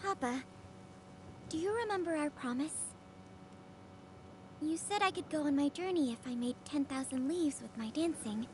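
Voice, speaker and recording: Woman voicing a high, sweet young dancer girl. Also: normal speed, long pauses, darkish tone, slight background noise, close to an everyday voice. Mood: earnest. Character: cheerful young woman dancer, eager to leave home. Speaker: game character. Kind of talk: video game voice acting.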